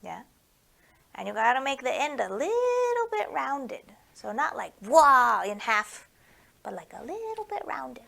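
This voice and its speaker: Woman librarian for kids' storytime: high, very lively sing-song voice, unhurried, a touch of gravel. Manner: sing-song, playful, coaxing questions to kids. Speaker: children's librarian hosting storytime. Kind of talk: storytime for young children.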